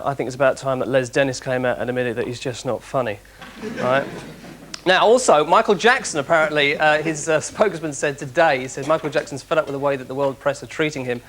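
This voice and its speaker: A man's voice: mid-range voice, fairly bright tone, a little hiss or hum. A man hosting a stand-up comedy show, tossing quips and chatty asides to a live audience.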